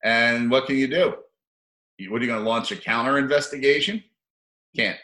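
Guy ranting sarcastic and sweary into his camera, mid-pitched voice, room sounds echoey. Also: moderate pace, sharp tone. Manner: profane, sardonic, chuckling asides. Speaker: video commentator. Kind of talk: rambling opinion commentary.

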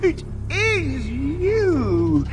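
An actor playing a disheveled, bitter Frenchman with a French accent, ranting in shouted outbursts. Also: extremely high pitch, wildly swooping pitch, drawn-out words, heavily acted. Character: disheveled bitter aging Frenchman, fallen from elegance. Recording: film clip over loud music.

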